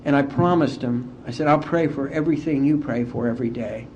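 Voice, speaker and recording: A middle-aged man from West Virginia shares his recovery story at an AA conference, his voice soft and mellow. He moves through the memories unhurried and heartfelt. The old conference tape sounds dull and muffled, with a faint hiss behind him. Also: medium pitch. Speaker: AA speaker.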